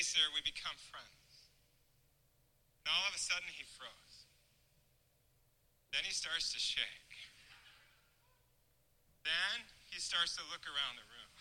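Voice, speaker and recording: A man gives a testimony with earnest, dramatic pacing. His voice sits high and rings very bright. He lets pauses do the work. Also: low-quality recording. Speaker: speaker giving a testimony. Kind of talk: emotional storytelling testimony.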